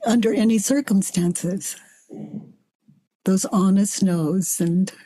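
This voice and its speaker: An older woman facilitating a self-inquiry dialogue, gently coaxing her guest and calling her honey. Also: on the low side. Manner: gentle, slow, coaxing with endearments.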